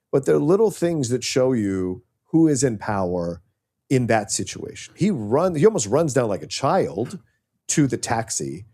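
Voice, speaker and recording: A man's voice: mid-range voice, a little mellow. A man co-hosting a podcast, emphatic and opinionated while discussing acting. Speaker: podcast co-host. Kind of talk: casual film discussion.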